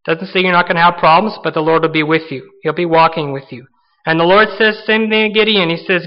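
A man's voice: on the high side, steady tone, a little fast, lo-fi sound. A male pastor preaching a sermon in an earnest, conversational way, full of rhetorical questions.

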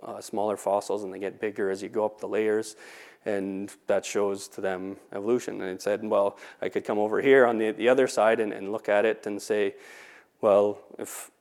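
Male teacher, conversational, low and even delivery, many restarts. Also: moderate pace. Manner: conversational, frequent "right?" and restarts. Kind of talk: casual talk on faith.

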